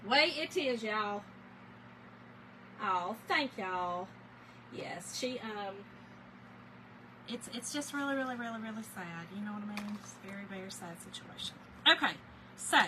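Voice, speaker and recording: A woman's voice: on the high side, noisy background. A woman with a Southern US accent, chatting casually on a live stream as she crafts and greets viewers by name. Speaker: livestream crafter.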